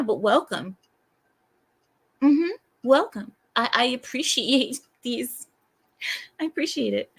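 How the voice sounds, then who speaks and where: A woman in America hosts a livestream, reading viewers' comments out loud and replying with exasperation, sighing often and asking rhetorical questions. Her voice sits on the high side with a fairly bright tone.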